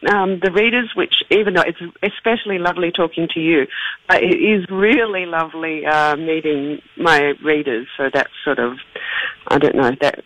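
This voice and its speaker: A woman's voice: deep voice, normal speed, a bit bright, no echo, poor audio. Hesitant Australian woman author. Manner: chatty, hesitant with many ums, laughs easily. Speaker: author guest. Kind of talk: casual interview chat.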